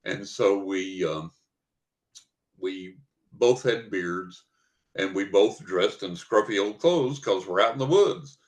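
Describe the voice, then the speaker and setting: A man's voice: low-pitched, expressive, slow. An older man, a guest psychic and author, telling a rambling anecdote with chuckles in a casual podcast interview.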